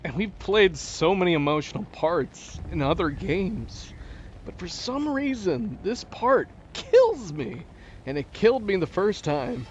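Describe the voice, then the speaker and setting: A man commenting on a game he is playing, emotional and halting, his talk rambling as he searches for words. His voice is fairly high and swings widely in pitch, and he speaks slowly. The recording is a little dull, with faint noise behind him. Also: big pitch swings. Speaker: gaming channel host. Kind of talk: emotional let's play commentary.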